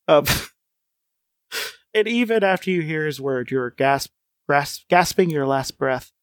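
A man with a fairly high voice reads a gamebook aloud, breaking off for wry asides and chuckles. His voice sounds close and dry, with little room sound. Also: slow pace, no echo. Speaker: podcast co-host reading a gamebook aloud. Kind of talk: casual chat and read-aloud narration.

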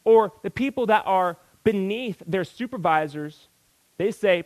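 A man's voice: fairly high pitch, normal speed, rough recording. A man preaching a sermon in a folksy, exclamatory way, breaking into sudden outbursts.

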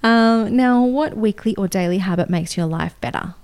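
A woman hosting an interview, friendly and quick to laugh. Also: mid-range voice, darkish tone. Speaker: podcast host. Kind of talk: casual interview chat.

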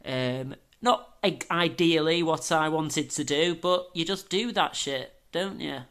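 A man's voice: fairly high pitch, unhurried, a bit bright, clear, resonant tone. Male actor, wry and anecdotal, hesitant delivery in casual chat. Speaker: caller, actor.

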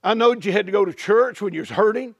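A booming, fatherly God calls out reassurance, played by a male preacher. The voice rides high and bright with a gravelly edge, in a dry close sound. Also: sing-song, measured pace, no room sound, exaggerated voice. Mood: tender. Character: God, a booming all-knowing father welcoming souls.

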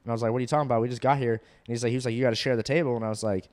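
Young male co-host, rapid blunt delivery, swears freely. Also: medium pitch, fairly even intonation, a little mellow. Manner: blunt, swears, storytelling with "I was like". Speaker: podcast co-host. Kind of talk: casual chat.

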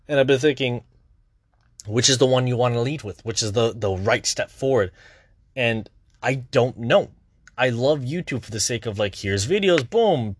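In this candid vlog monologue, a young man who makes content talks through what's bothering him at medium pitch, wandering from thought to thought, restless and cursing often. There's no room sound at all.

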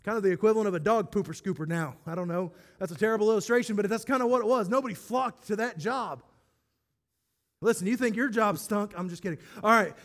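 A man's voice: high-pitched, quick pace, a bit bright. A male pastor preaching a sermon in an enthusiastic, conversational way, with self-deprecating humor.

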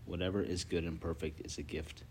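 A man's voice: low voice, level tone, fairly quick, darkish tone, a little hiss or hum. A man leading a casual group Bible study, telling stories with lots of filler words and reading Scripture aloud.

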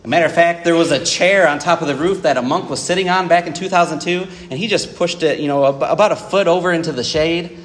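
A man delivers a sermon in a relaxed, conversational way, scattering fillers and asides to his congregation. His voice sits a bit high for a man. It carries a long reverb from the church auditorium. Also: quick pace. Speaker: preacher.

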